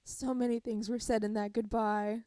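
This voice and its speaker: A woman's voice: a little high, little pitch movement, moderate pace, dark tone, dry recording, studio quality. A young woman co-hosting a fan podcast, speaking earnestly and thoughtfully. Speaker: podcast co-host. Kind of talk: casual fan podcast chat.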